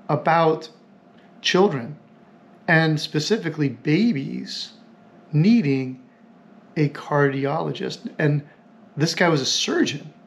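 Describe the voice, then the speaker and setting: A man hosting a podcast, telling a story in a reflective, halting way and repeating phrases as he thinks aloud. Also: fairly high pitch, gravelly. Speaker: podcast host.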